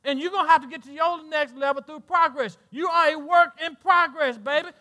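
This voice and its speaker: Southern male pastor, middle-aged, very high ringing voice, lively sermon delivery. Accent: Southern American. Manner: preaching with call-and-response asides and laughter; voices imagined congregants in quick back-and-forth.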